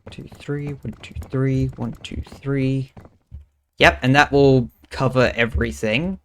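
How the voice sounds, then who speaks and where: A young man talks slowly and unhurriedly through a gaming stream, thinking aloud as he plans. He drops into quiet muttered counting, and a faint hiss sits under his voice. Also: mid-range voice, steady tone. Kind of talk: casual gaming commentary.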